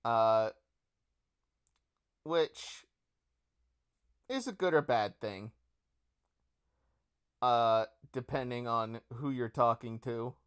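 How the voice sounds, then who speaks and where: A man narrating as game master of a tabletop game, in a relaxed way with frequent fillers. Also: mid-range voice, clear, resonant tone.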